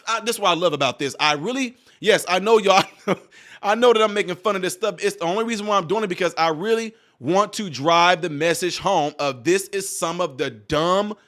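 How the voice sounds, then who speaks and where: This is a man hosting a reaction video, his voice pitched high and cutting through sharp and bright. He talks straight to his audience as y'all and stacks up mocking questions in exasperation. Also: expressive, moderate pace. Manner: addresses viewers directly as y'all. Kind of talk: reaction commentary.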